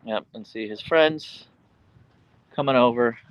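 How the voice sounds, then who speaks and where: With a lowish, animated voice at a moderate pace, this livestream host reads out and responds to viewers' comments about his dogs in an easygoing, casual way. The audio sounds dull.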